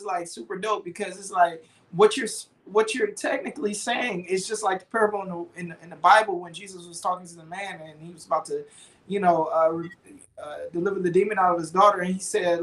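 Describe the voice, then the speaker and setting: A man hosting a casual panel chat with lively, preacher-like enthusiasm. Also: high voice. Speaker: host.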